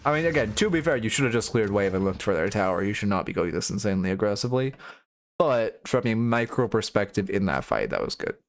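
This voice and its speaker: A man's voice: lowish voice, lively intonation, quick pace. A young man giving casual live-stream coaching commentary on a video game, frank and blunt, swearing now and then and restarting his sentences.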